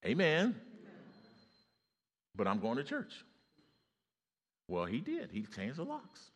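A man preaching a sermon, telling stories and rising to loud exclamations. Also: on the low side, wildly swooping pitch, unhurried, breathy edge.

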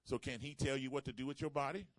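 Lively pastor preaching. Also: male voice, medium pitch, fast, no room sound. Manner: call-and-response preaching, playful, repeats phrases for emphasis. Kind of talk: sermon.

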